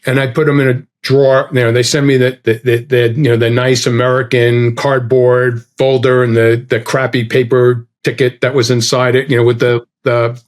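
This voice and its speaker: A man's voice: medium pitch, moderate pace, few pauses. A middle-aged man with a mid-range voice recounts a travel mishap in an easy, conversational way. He acts out the lines of the people in the story, shifting his delivery for each one. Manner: animated, acts out dialogue with quoted voices. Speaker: guest storyteller. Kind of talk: casual anecdote telling.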